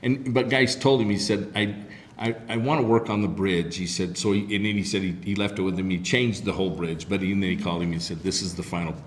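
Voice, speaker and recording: A man hosting a podcast spins a long anecdote in a low voice, slipping into quoted voices as he goes. The sound is roomy and echoey, with a faint hiss underneath. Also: steady tone, fast talker. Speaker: podcast host. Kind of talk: casual storytelling chat. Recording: echoey room with faint noise.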